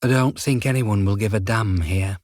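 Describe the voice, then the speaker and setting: A man voicing a calm female nurse who talks in a matter-of-fact way. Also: fairly low pitch, normal speed, no room sound, studio quality, close to an everyday voice. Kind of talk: audiobook character voice.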